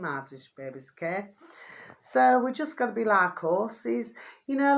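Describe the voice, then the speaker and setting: A woman, chatting casually to her viewers in a rambling, affectionate way, her voice getting hoarse. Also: sits low. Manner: affectionate, rambling, keeps asking "do you see what I mean". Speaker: vlogger.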